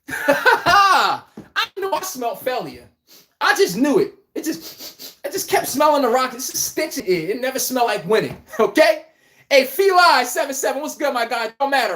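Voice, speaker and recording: Woman, sports talk host, brash, slangy, high voice, swings up and down a lot. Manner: brash, emphatic and slangy, calling out viewers by name. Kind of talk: live sports talk show commentary.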